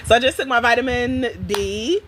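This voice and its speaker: A woman hosting a livestream from home, chatting casually with viewers in an animated way and laughing often. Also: fairly high pitch, normal speed, slight background noise. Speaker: livestream host.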